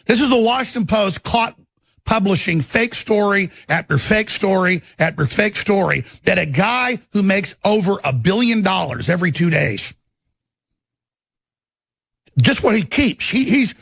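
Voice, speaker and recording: A middle-aged man hosting a live talk broadcast, ranting angrily and repeating himself, with a gravelly voice close to a studio mic. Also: high voice, animated, moderate pace, a bit bright, no echo. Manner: furious, ranting, repetitive. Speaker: talk radio host. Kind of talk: angry political broadcast rant.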